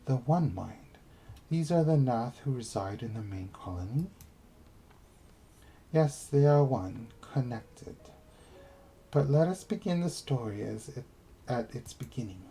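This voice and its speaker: A man reading aloud as a formal insect-tribe elder in a video game, using a put-on British accent and a slow, stately delivery. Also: medium pitch, expressive, creaky, warm tone, poor audio. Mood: solemn.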